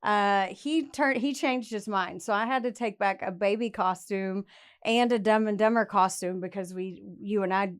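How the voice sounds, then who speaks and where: A woman's voice: medium pitch, normal speed, smooth. Woman, late thirties, podcast co-host, chatty and self-deprecating. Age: 30s. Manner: chatty, self-mocking storyteller. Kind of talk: casual podcast chat.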